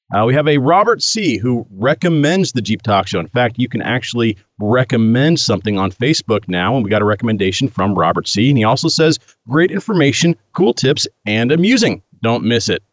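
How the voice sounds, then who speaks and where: Relaxed male podcast host, dry sound. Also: medium pitch, a little fast, no echo, lo-fi sound. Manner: relaxed, hesitant with many fillers. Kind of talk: casual podcast chat.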